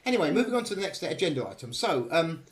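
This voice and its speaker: A man's voice: fairly high pitch, sing-song, fast talker. A man hosting a casual podcast panel, teasing his guests and reading out news items. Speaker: podcast host.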